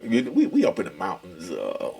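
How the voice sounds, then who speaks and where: A middle-aged man spins a laid-back, streetwise yarn, his voice heavy with gravel and fry. The tone is husky and a bit rough, and he keeps tossing in slang and little asides. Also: low voice, wildly swooping pitch, brisk, warm tone. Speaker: storyteller recounting prison life. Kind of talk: casual storytelling.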